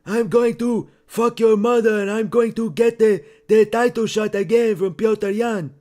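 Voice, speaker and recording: A man putting on a loud, high, strained voice as a brash trash-talking male fighter. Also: fairly even intonation, a little slow. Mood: taunting. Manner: shouted, high strained impression.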